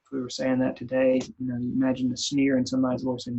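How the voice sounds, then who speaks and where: A man's voice: medium pitch, completely flat delivery, fast, gravelly, few pauses, warm tone, breathy edge. A man leading a casual Bible study in a church, retelling scripture in plain, folksy everyday terms. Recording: dull lo-fi recording.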